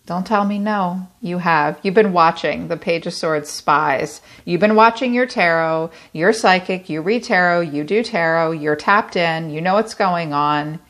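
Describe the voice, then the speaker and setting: A woman's voice: fairly low pitch, a little slow, few pauses, a bit bright. A woman giving a tarot reading in a chatty, blunt way, swearing casually. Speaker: tarot reader. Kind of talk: solo tarot reading to camera.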